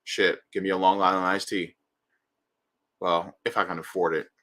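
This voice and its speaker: A man hosting a casual commentary show, animated and excitable, who jokes and swears casually. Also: deep voice, moderate pace. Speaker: show host.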